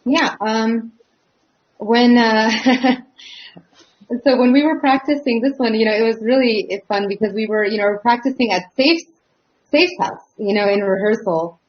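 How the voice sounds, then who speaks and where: A woman's voice: on the high side, unhurried. A woman, a singer and teacher, chatting in an interview with a thoughtful, hesitant manner full of fillers. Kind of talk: casual interview chat. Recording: dull lo-fi audio.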